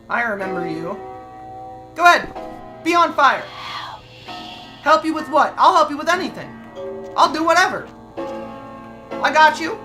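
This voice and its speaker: A woman's voice: high voice, pushed and bright. A woman streamer giving brash, profane commentary while she plays a game. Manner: brash, profane trash talk. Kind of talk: gameplay commentary.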